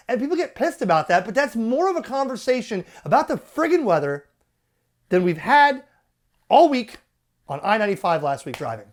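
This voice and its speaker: A man hosting a ham radio channel, ranting in an animated, exasperated and profane way. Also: high voice, a little fast. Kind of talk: ranting commentary.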